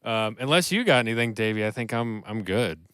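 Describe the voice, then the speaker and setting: Male co-host, bright crisp voice, dry close sound, earnest, halting. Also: on the low side, expressive, no room sound. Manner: earnest, halting, self-deprecating. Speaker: podcast co-host. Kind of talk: casual chat.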